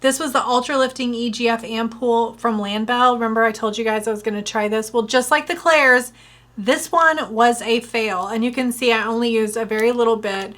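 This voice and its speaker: Bright, chatty woman beauty vlogger. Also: a little high, a little fast. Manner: chatty, animated, lots of fillers and retold quotes. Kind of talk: casual storytelling review.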